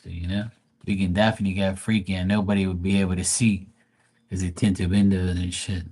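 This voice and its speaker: A man's voice: low voice, level tone, fairly quick, darkish tone, slightly rough. A man hosting a live stream and chatting casually to his viewers, crude and boastful, rambling with lots of fillers. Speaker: live-stream host talking to chat.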